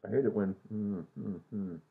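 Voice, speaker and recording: Man in his sixties, casual rambling vlog, self-mocking, gravelly voice, tinny phone-like recording. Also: on the low side, normal speed. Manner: rambling, self-mocking, trails off with many fillers. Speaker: vlogger. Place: home at night.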